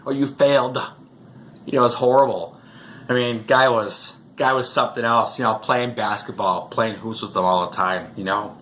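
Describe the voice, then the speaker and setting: Bright-voiced man telling rambling stories. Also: on the low side, slight background noise. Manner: rambling, chuckling, peppered with "you know". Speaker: vlogger. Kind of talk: casual storytelling to camera.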